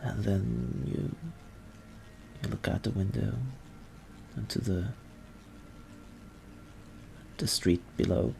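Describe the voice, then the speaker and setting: A man narrating a tabletop role-playing game as game master, in second person and with halting pauses and fillers. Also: fairly low pitch, sing-song, gravelly, mellow, slight background noise.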